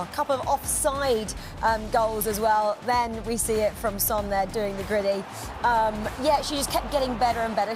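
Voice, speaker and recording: A woman giving relaxed, analytical punditry on a match. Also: on the high side.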